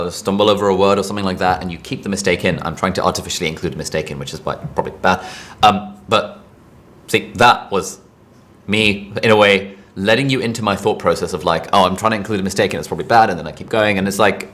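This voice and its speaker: A man's voice: low voice, fairly bright tone. A man teaching an online lesson in a casual, chatty way, full of asides and fillers. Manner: chatty, rambling asides, frequent "like". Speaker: online course instructor.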